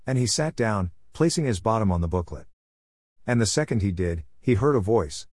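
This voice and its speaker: A man narrating a storybook tale in a measured, even tone. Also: fairly low pitch, no room sound, clean studio sound.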